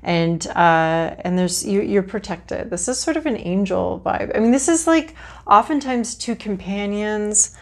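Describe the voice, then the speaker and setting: Chatty woman with a gravelly edge. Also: medium pitch, expressive, a little slow. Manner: chatty, frank, swears casually, thinks aloud while drawing cards. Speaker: tarot reader. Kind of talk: casual card reading to camera.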